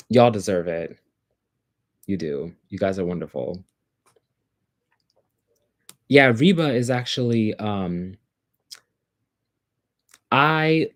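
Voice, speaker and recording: Rambling man with a low voice. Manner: rambling, filler-heavy, chatty. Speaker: livestream host. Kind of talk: casual livestream chat.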